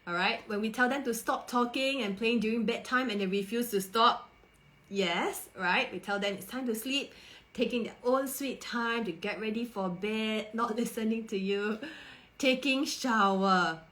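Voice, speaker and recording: A woman's voice: on the high side, normal speed, low-quality recording. Parenting coach, female, thirties, live-stream host, coaxing and understanding. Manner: warm-toned rhetorical questions, coaxing and empathetic. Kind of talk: live stream talk to viewers.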